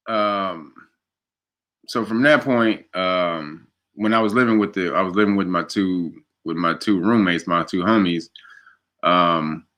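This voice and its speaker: A man in casual conversation, telling a long story with lots of laughter and animated quoted voices. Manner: animated, laughs often, jumps to high pitch for quoted voices. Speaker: guest.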